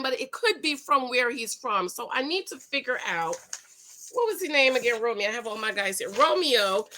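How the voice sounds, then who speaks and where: Female vlogger, casual recap chat, slightly high, bright tone; effusive, rambling, self-correcting.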